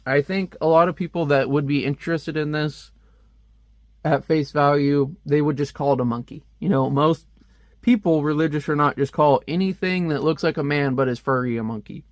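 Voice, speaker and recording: A man's voice: fairly high pitch, moderate pace, no room sound. A man giving casual, joking commentary while reviewing a comic book page by page. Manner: chatty, joking asides.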